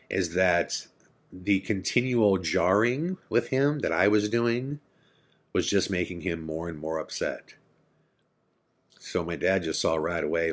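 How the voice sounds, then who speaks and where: A man hosting a podcast, telling a true personal story in an intense, earnest way. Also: low voice. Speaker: podcast host.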